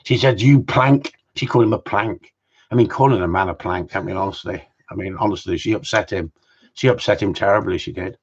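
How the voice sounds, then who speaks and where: Rambling man, husky low voice. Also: fast talker. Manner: rambling, jokey, mild swearing. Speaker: gundog trainer hosting a live Q&A stream. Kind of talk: casual live-stream chat. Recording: slightly dull lo-fi sound.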